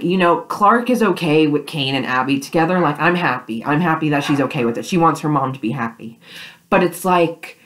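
A woman's voice: low voice, a bit bright. A young woman vlogging, gushing and rambling with lots of fillers as she reacts to a TV episode. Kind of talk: excited fan reaction vlog.

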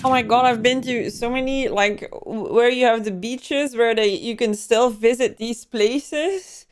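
A woman's voice: a little high, measured pace, a little hiss or hum. A young woman giving a first-time movie reaction, emotional and given to gasps and exclamations.

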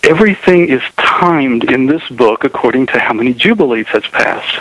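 A man with a Southern US drawl talks about his writing in a radio studio. He pauses and restarts often, filling the gaps with fillers. His voice sits at a middle pitch and sounds dry and close to the mic. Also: animated, fairly bright tone, dry recording, low-quality recording. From Southern United States. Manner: hesitant, many fillers. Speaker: author and guest. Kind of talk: radio interview.

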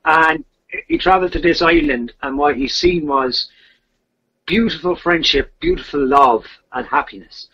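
A man's voice: a little high, sing-song, moderate pace, gravelly, sharp tone, slightly rough. A man telling a legend in casual, rambling talk, with repeated fillers. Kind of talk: casual storytelling. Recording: dull lo-fi podcast audio.

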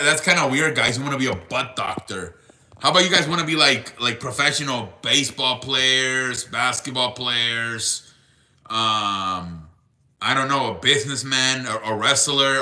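A man's voice: mid-range voice, normal speed, pushed and bright. A man hosting a casual live show, joking and mock-offended with callers, sprinkling in Spanish words. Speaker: show host.

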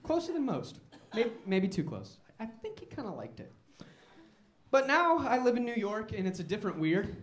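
A man's voice: high-pitched, very animated, moderate pace, roomy sound. A man doing a stand-up comedy set on a comedy club stage, telling wry, self-mocking stories.

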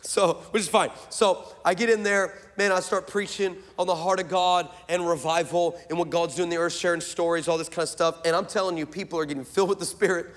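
A man's voice: sits high, fairly even intonation, brisk, few pauses, long reverb tail. A man preaching a sermon, telling stories with emphasis and jokes. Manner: emphatic, joking storyteller. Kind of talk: sermon with storytelling.

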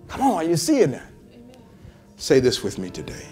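A man's voice: fairly high pitch, huge pitch swings, normal speed, long pauses, warm tone, faint music behind. A male pastor preaching a sermon with passion, repeating phrases and calling out to the congregation. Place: church service in a hotel venue.

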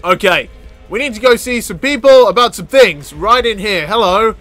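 Excitable high-voiced gaming man. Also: moderate pace, no echo, faint music behind. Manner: excitable, yelps and cackles at the game. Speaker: gaming YouTuber. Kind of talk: let's play commentary.

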